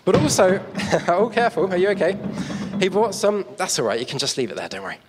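A man with a high voice and wildly swooping pitch preaches on a church hall stage, out of breath and quick-paced. He tells a story with props and chatty asides to the audience. There's long hall reverb and a little hiss or hum.

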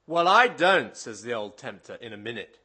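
A man voicing a rugged old Cornish miner and preacher, reading his tale aloud in a put-on Cornish accent with loud, rustic dialect. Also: mid-range voice, very animated, moderate pace, slightly rough, full character voice. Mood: indignant storytelling. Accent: attempted Cornish. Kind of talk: dramatic reading in a sermon.

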